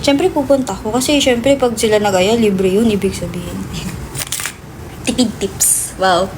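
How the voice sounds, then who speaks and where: A woman's voice: mid-range voice, brisk, noisy background. A young woman with a Filipino accent, chatting playfully and loosely with her viewers as a livestream host. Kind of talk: casual livestream chat.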